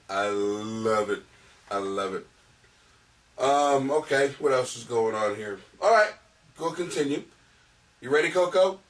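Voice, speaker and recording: Animated, crude comedian host. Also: male voice, medium pitch, recorded from a distance. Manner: rambling, crude, laughing at his own jokes. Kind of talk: comedic advice podcast. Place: home basement.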